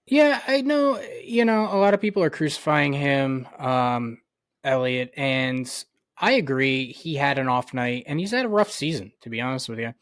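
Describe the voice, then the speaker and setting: A man co-hosting a sports podcast in casual chat, measured and full of "um" and "you know". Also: mid-range voice, lively intonation, a bit bright, no room sound, studio quality. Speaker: podcast co-host.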